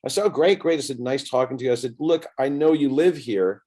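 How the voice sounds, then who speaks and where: A man in his sixties, a seasoned entertainer, recounts a story in relaxed conversational talk. He jumps between narration and lively quoted dialogue, giving the other people in the story their own voices. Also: medium pitch, brisk. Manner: animated storyteller acting out both sides of conversations. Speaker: guest entertainer. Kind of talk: casual anecdote telling.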